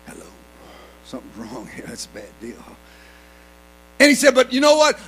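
A male pastor preaching a sermon, swinging from low murmurs to shouted lines, with many "uh" fillers. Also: huge pitch swings, moderate pace, long pauses, noisy background.

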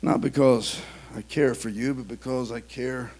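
A man preaching a sermon, swinging between quiet, confiding talk and loud, shouted preaching. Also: mid-range voice, fairly even intonation, unhurried.

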